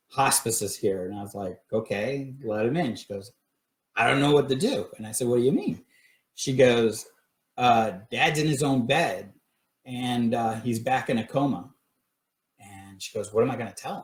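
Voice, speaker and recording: The director of a paranormal research group casually recounts a personal story on a livestream, rambling with many fillers and restarts. His voice is medium-pitched, and the room sounds echoey.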